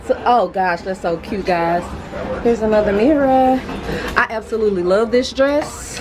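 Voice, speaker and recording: A woman, chatting excitedly and emotionally in a casual vlog, filmed on a phone held in her hand. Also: a little high, normal speed, crowd noise. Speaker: vlogger. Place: store, then parked car.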